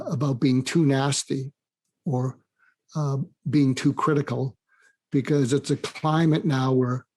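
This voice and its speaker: An older man with a fairly high voice tells stories as a guest in an interview. He gets animated and acts out the people he quotes, his pitch climbing as he goes. He speaks in an easy, conversational way. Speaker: guest, psychiatrist and author.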